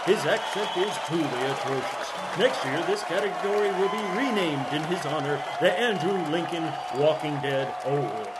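A man's voice: a little high, lively intonation, moderate pace, few pauses, a loud crowd, very noisy. Man announcing a mock award, grandly. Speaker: awards presenter. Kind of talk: comedy awards parody.

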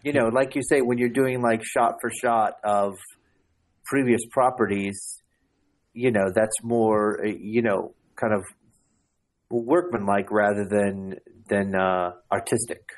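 A man co-hosting a podcast in casual chat, speaking haltingly with many restarts. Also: fairly low pitch, steady tone. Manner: halting, repeats words and restarts. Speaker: podcast co-host.

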